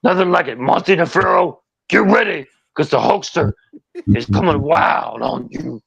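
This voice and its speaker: A man's voice: fairly high pitch, lively intonation, normal speed, gravelly, a bit bright, breathy edge, no room sound, dull audio, voice pushed up, full character voice. A man impersonating a boastful, muscle-bound male wrestling star giving a hyped promo and calling people brother.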